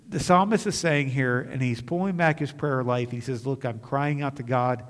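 A man's voice: medium pitch, moderate pace, few pauses. Male pastor, 40s, earnest sermon delivery with emphatic peaks, long church-hall reverb. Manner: earnest preaching, rising to emphatic peaks then dropping to quiet storytelling.

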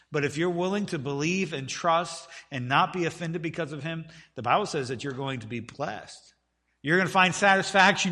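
Impassioned male preacher in a reverberant hall. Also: a little high. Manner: impassioned preaching, swings between loud emphasis and hushed pleading. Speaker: pastor. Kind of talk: sermon.

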